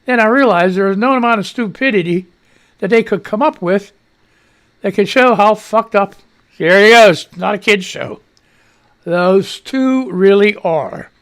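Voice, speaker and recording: A man hosting a live radio show in casual, rambling chat, loud greetings and freely swearing, audibly short of breath. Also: high-pitched, unhurried, smooth.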